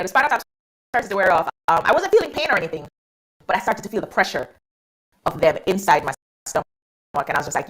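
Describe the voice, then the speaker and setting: A young woman guest on a radio talk show, telling her story in a lively, casual way with frequent laughs. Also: mid-range voice, fast, pauses often, breathy edge. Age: young adult.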